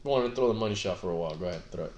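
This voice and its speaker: A man's voice: deep voice, racing, a little mellow. A man co-hosting a podcast, teasing his friends and swearing casually in chat. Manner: profane, teasing banter. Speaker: podcast co-host. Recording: roomy echo.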